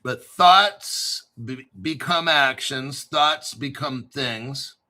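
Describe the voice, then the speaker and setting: A man hosting a crypto show, talking off the cuff in a brash, profane way, swinging between muttered asides and loud, hyped outbursts. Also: medium pitch, very slow. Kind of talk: unscripted livestream commentary.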